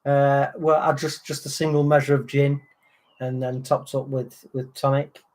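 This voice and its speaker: A man's voice: mid-range voice, level tone, moderate pace, a little mellow. Chatty man. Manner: chatty storyteller, acts out other people's lines. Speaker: co-host of a livestream chat. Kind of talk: casual chat.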